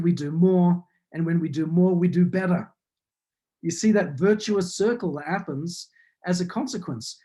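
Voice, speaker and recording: A man's voice: on the high side, mellow. A man with a New Zealand accent giving a motivational business talk over a video call, building his points in earnest, repeating phrases. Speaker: business speaker.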